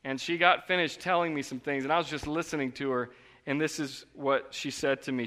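A man preaches in a slightly high, bright and forceful voice, earnest and conversational, turning from quiet reflection to emphatic bursts. His sermon rings through a church hall with a long reverb tail. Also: steady tone, brisk. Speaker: pastor. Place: church sanctuary.

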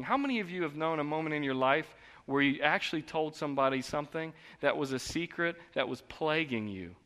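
Man preaching in an echoing church hall. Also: fairly high pitch. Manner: earnest and conversational, swings from quiet to emphatic. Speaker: pastor. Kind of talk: sermon. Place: church sanctuary.

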